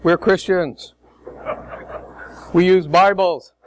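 Slow, upbeat male preacher from Chicago. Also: sits high, steady tone, a little hiss or hum, rough recording. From Chicago, United States. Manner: coaxing, emphatic, jokes with the congregation. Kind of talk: sermon with call-and-response.

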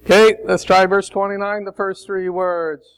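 A man's voice: high voice, little pitch movement, moderate pace, smooth, low-quality recording. A male preacher from Chicago giving a sermon, leading the congregation in call-and-response with a coaxing, emphatic, joking manner. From Chicago, United States.

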